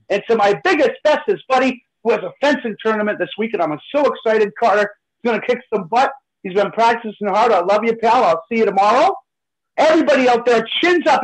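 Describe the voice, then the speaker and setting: A male co-host giving energetic, motivational shout-outs on a talk radio show, playful with nicknames. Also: high voice, fairly quick, slightly rough, low-quality recording.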